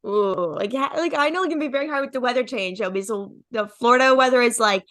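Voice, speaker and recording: A woman's voice: a little high, quick pace, a bit bright. A young woman hosting a podcast interview, chatty and leaning heavily on filler words as she talks. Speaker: podcast host. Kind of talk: casual interview chat.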